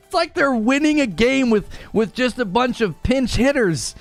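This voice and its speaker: A very animated man with a very high-pitched voice takes his time as he hosts a live gaming talk stream over soft background music. He reads viewer tips aloud, makes sarcastic jokes, and laughs frequently.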